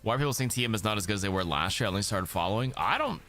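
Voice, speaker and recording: A man's voice: on the low side, animated, racing, over music. A man hosting a watch party stream, chatting casually and swearing freely as he reacts to an esports match.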